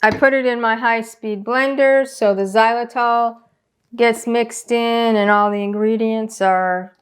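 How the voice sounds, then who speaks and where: A woman's voice: on the high side, fairly even intonation, measured pace, clear, resonant tone. A woman hosting a casual home cooking demonstration, chatting and explaining each step as she works. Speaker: cooking channel host.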